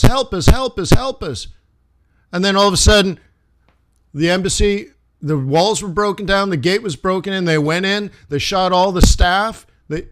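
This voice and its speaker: Animated high-voiced man rambling. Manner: animated, rambling, restarts and acted asides. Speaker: forex trader streaming live. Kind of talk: casual livestream commentary.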